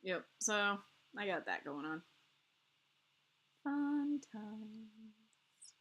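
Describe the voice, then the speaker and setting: A woman co-hosting a game stream, chatting casually in a rambling, animated way and laughing often between phrases. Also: mid-range voice, very slow, slightly rough, lo-fi sound. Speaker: stream co-host.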